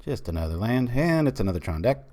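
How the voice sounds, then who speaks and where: A man's voice: mid-range voice, very animated, fast talker, warm tone. A man from the United States, casually commenting while streaming a card game, rambling with many fillers.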